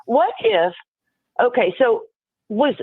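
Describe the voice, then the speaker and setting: A woman's voice: a little high, very animated, slow, breathy edge, no room sound. A woman calling into a live show, chatting casually and rambling through theories with lots of fillers and restarts. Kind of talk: casual speculative chat. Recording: tinny phone line.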